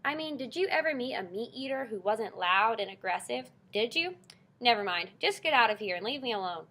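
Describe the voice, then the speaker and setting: A woman's voice: on the high side, lively intonation, brisk, bright, forceful tone, exaggerated voice. A woman reading an audiobook, voicing a grumpy, scornful old male porcupine who bellows insults. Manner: scornful, bellowing, name-calling.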